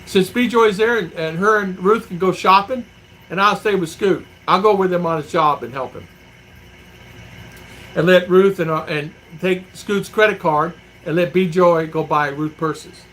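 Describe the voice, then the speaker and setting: A middle-aged man from the United States talks loosely to his livestream audience, circling back and repeating phrases as he spins homespun stories. His voice sits a little high for a man and has a bright, forward edge. A faint hum of noise sits under the recording. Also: normal speed, poor audio. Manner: rambling, repeats himself, folksy storytelling. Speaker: vlogger reading viewer comments. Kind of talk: casual livestream chat.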